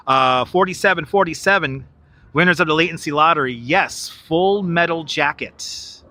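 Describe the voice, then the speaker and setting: A man's voice: fairly high pitch, normal speed, sharp tone, dry recording. A man hosting a live stream outdoors, joking, laughing a lot and chatting to viewers on a wireless clip-on mic. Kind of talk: live-stream walking commentary. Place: outdoors in Manhattan by the river.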